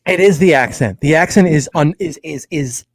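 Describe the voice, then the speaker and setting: A man's voice: a little high, moderate pace, slightly rough, no echo. A man co-hosting a casual film debate, blunt and emphatic, laughing at his own jabs. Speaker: co-host and film critic.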